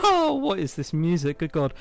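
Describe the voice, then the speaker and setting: A man's voice: a little high, huge pitch swings, creaky, faint music behind. Jokey man commenting on a game. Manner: jokey, laughs often, quick asides. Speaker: let's play host.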